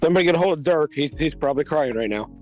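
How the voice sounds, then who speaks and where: A man co-hosting a podcast, giving measured opinions in casual chat with plenty of fillers. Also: fairly high pitch, animated, faint music behind, low-quality recording. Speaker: podcast co-host.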